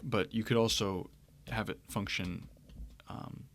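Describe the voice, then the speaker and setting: A man teaching a lesson on grammar, talking it through in a relaxed way, with pauses and restarts. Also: lowish voice, slight background noise. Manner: relaxed, thinking aloud with fillers and restarts. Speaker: Greek teacher. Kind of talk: lecture.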